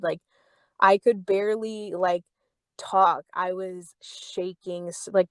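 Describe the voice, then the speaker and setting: Heated and casual, a young podcast host recounts a story full of swearing and frequent "like"s, reenacting what others said in a higher pitch. Her tone is darkish, and there's no room sound in the recording.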